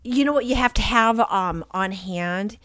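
A woman's voice: medium pitch, a little slow, a bit bright. Rambling, giggly radio co-host woman. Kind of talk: casual chat.

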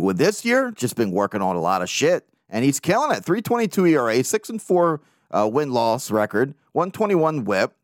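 A man hosting a casual sports podcast, talking as an excited, profane fan with lots of energy. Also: mid-range voice, moderate pace, no room sound, studio quality. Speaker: podcast host.

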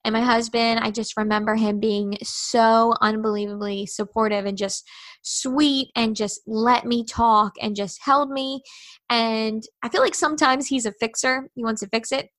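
A woman's voice: a little high, steady tone, moderate pace, a bit bright, dry recording. A woman in her thirties, a podcast guest, telling a personal story in a candid, earnest way and acting out the conversations she remembers.

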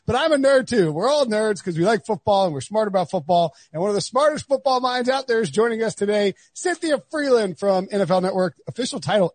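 With a high-pitched voice and no echo, a sports podcast host from North Carolina, USA, rambles along casually. He's chatty and self-deprecating and keeps restarting his sentences.

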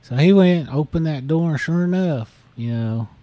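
A man's voice: on the high side, normal speed, dark tone, no echo. A man casually retelling a listener's story on a podcast, full of fillers and restarts. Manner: rambling, many fillers like "you know". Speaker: podcast host.

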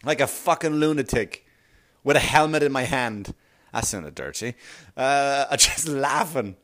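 A man's voice: medium pitch, animated, measured pace, a bit bright. A middle-aged man doing a comic monologue, swearing a lot, ranting and laughing at his own jokes. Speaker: comedian. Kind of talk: stand-up style comic monologue.

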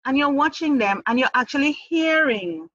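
A woman's voice: high voice, lively intonation, normal speed, fairly bright tone, no room sound, dull audio. A woman speaking candidly as an interview guest about her own life, earnest, restarting and repeating words, with light laughs. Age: adult mother. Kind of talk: candid personal testimony.

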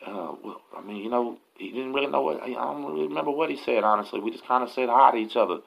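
A man's voice: medium pitch, fast talker, gravelly, lo-fi sound. A man with a Texan accent telling prison stories as host, in a casual, profane, slangy street manner. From Texas, USA. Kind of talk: casual storytelling.

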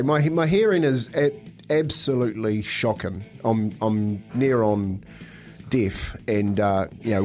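A man with a New Zealand accent, a radio co-host, telling a funny story and laughing as he goes. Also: on the low side. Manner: laughing, animated anecdote. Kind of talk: storytelling banter.

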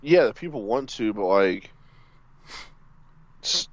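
Male co-host, low and blunt, recorded dry and a bit muffled. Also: animated, slow, dry recording. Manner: blunt, skeptical, swears casually. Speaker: podcast co-host. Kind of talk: casual wrestling podcast chat.

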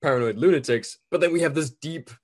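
A man's voice: a little high, quick pace. A man chatting casually, with sardonic jokes and frequent stumbles and repeated words. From Britain. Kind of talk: casual chat.

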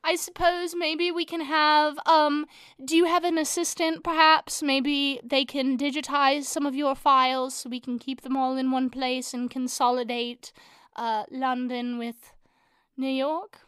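A woman improvising as a prim, polite businesswoman who speaks slowly and deliberately. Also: high-pitched, little pitch movement, fairly bright tone, no echo, studio quality. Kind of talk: improvised comedy scene.

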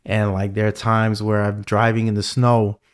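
A middle-aged man hosting a casual podcast chat, with a lowish voice. He tells stories animatedly, often repeating himself as he goes. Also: normal speed. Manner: animated storyteller, repeats words. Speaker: podcast host. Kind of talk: casual conversation.

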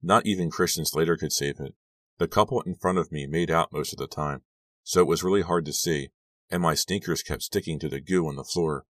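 Super deep guy narrating an audiobook, steady, dry close mic. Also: brisk, dry recording, recorded from a distance. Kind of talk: scripted first-person audiobook narration.

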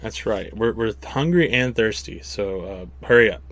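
A man co-hosting a casual podcast, cracking deadpan quips. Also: fairly low pitch, normal speed. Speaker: podcast co-host. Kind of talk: casual chat.

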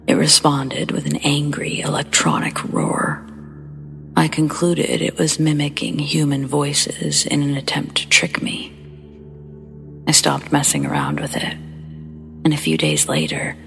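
A woman hosting a horror story show, reading first-person accounts in a hushed, breathy whisper with a slow, measured delivery. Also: low voice, faint music behind. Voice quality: breathy whisper with gravelly fry. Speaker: horror story narrator and host.

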